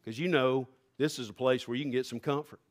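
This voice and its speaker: A male pastor preaching a sermon, rising fervently to near-shouts. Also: medium pitch, fairly even intonation, a little fast.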